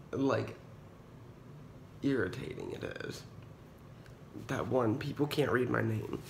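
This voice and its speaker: A young man with a gravelly, fry-heavy voice vents on a casual phone vlog from a hospital room, dramatic and full of "like"s and swearing. His pitch sits mid-range, and a faint hum of the room sits behind him. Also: fairly bright tone. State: unwell patient awaiting kidney surgery. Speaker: vlogger.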